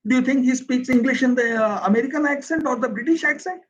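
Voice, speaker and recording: Indian guy teaching english on a livestream, really high voice, kinda husky, dull lo-fi sound. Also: fast. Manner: earnest, emphatic, answers viewer questions directly. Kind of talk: livestream Q&A lesson.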